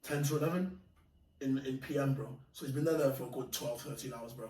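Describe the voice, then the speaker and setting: A man casually telling animated, slangy stories of fights and bouncer work, laughing often. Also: medium pitch, quick pace. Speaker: podcast guest. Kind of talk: casual storytelling. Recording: echoey room, mic far off, faint noise.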